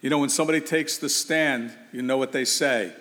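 A man's voice: medium pitch, steady tone, brisk, a bit bright, in a large hall. A man preaching a sermon, asking his listeners rhetorical questions and repeating phrases for emphasis.

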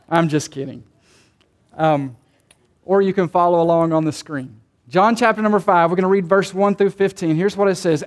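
High-voiced male pastor preaching conversationally. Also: normal speed, pauses often. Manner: conversational preaching with rhetorical questions and light jokes. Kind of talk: sermon.

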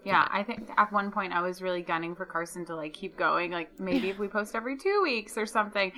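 A woman's voice: mid-range voice, brisk, sharp tone, slight background noise. A young woman co-hosting a podcast, telling rambling stories in a chatty, laughing way. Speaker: podcast co-host. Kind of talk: casual chat.

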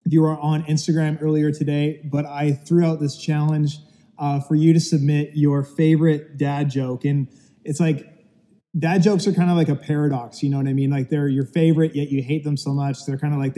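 Male pastor, loose joking delivery, dark mellow tone, long hall reverb. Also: fairly high pitch, flat delivery, fairly quick. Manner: chatty, telling dad jokes with self-deprecating asides. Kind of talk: casual sermon to an online audience. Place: empty church auditorium.

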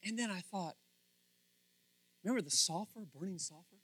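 A man preaching a casual sermon, animated and acting out little scenes with different voices. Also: high voice, normal speed, breathy edge, no room sound.

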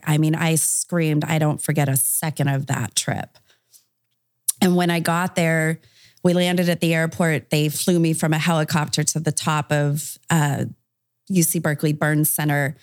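A woman's voice: low voice, a little mellow, dry recording, clean studio sound. A woman guest on a podcast interview, recounting a personal story in a candid, conversational way, often using fillers.

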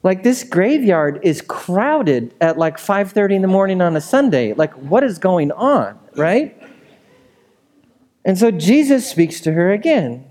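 A man's voice: high-pitched, very animated, unhurried, darkish tone. A man preaching a sermon in a casual, conversational way, often asking his listeners questions. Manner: conversational, asks the room questions. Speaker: pastor.

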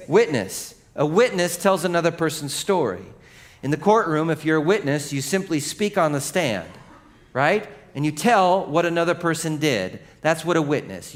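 A man's voice: fairly high pitch, a bit bright. A male pastor giving a sermon in a conversational, joking storytelling manner, leading the congregation through scripture. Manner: leads the congregation in reading scripture.

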